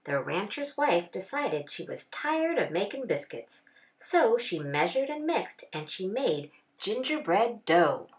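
A woman kindergarten teacher reading a picture book aloud, expressive with drawn-out phrases. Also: medium pitch.

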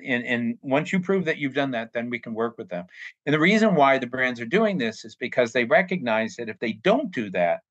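A man's voice: medium pitch, a bit bright, no echo, dull audio. A man giving an earnest, plain-spoken explanatory talk on forced labor, now and then acting out short quoted exchanges. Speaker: anti-trafficking speaker. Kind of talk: explanatory talk with acted-out dialogue.

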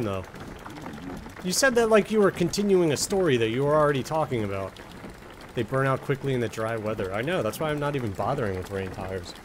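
In casual let's-play style, a game streamer jokes with the game's characters and replies to chat as he plays. His voice is medium-pitched, and there's a little hiss or hum on the audio.

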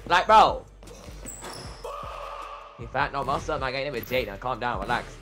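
A young man streaming a reaction, talking casually and excitably, trash-talking his chat and saying "bro" constantly. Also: medium pitch, fast talker, over music. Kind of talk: casual livestream reaction talk.

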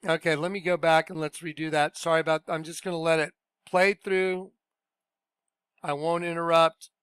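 A high-pitched man rants in a casual, scornful tone. His voice is smooth and clear, and the recording is dry and close. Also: level tone, normal speed, a bit bright, dry recording. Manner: blunt, scornful, conversational. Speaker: commentator reacting to clips. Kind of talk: casual ranting commentary.

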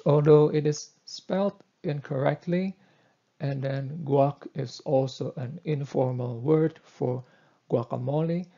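A man lectures through a coding tutorial at a slow, deliberate pace, pausing on fillers. His voice is dark and husky, and it is set a little high for a man. The recording sounds dull and lo-fi. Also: fairly even intonation.

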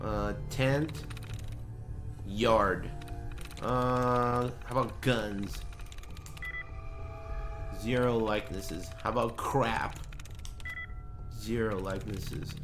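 A man chatting casually while streaming a game, swearing and bursting into shouts and laughs. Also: on the low side, fairly even intonation, extremely slow, pauses often, music in the background. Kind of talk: casual gaming stream chat.

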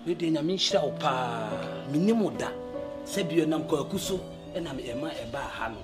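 An actor with a Ghanaian accent playing a lively man who talks with exclamations in Twi. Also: on the high side, normal speed, over loud music, natural voice. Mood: solemn. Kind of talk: film drama acting.

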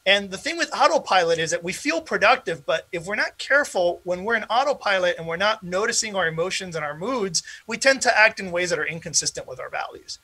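A man's voice: sits high, animated, brisk, few pauses, sharp tone. A man presenting an interactive online workshop to teachers over a video call, casual and encouraging with frequent fillers. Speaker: presenter at an educators' conference.

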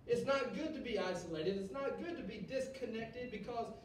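A man's voice: lively intonation, normal speed. A man preaching a sermon to a student group in a conversational way, often tagging "right?" onto his points. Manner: conversational, rhetorical "right?" asides. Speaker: youth pastor. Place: church hall. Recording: echoey hall, mic from a distance, faint rumble.

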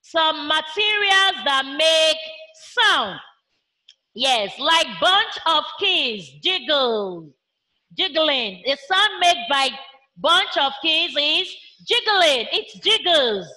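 Slow sing-song Nigerian woman teacher. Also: high voice, big pitch swings, bright, forceful tone. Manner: slow, sing-song, imitates animal sounds. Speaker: primary school teacher. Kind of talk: online class for young children.

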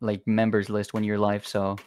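A man's voice: lowish voice, completely flat delivery, normal speed, a little mellow, clear, resonant tone. A man from Canada chatting casually on a podcast, easygoing with lots of fillers. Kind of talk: casual chat.

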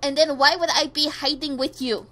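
A woman's voice: sits high, fairly even intonation, normal speed. A woman voicing a hot-tempered, foul-mouthed young Italian man in a fan-made game. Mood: angry. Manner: cursing, grumpy, shouting accusations.

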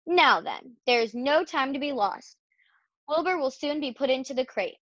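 A woman voicing a gentle, clever female spider who speaks softly. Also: high voice, normal speed, no room sound, highs cut off, voice pushed up. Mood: urgent. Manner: soft, calm.

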